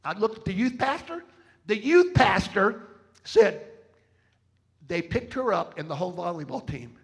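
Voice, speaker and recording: A man with a high, gravelly voice preaches a sermon to a church congregation. He tells stories dramatically and keeps rallying the crowd with call-outs for an answer. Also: very animated, measured pace. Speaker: travelling preacher. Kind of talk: sermon with storytelling and fundraising appeal. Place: church service.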